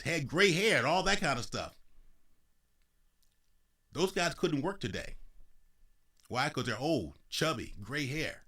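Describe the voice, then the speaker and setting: A man hosting his own podcast, talking through political commentary in a casual, animated way, with conversational slang and a few mock announcer asides. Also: medium pitch. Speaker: podcast host.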